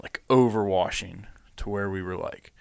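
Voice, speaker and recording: A man's voice: sits low, moderate pace, vocal fry, darkish tone, clear, resonant tone, dry recording, clean studio sound. A man chatting casually as a pastor co-hosting a podcast, teasing the others in a wry, joking way on a podcast microphone. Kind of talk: casual chat.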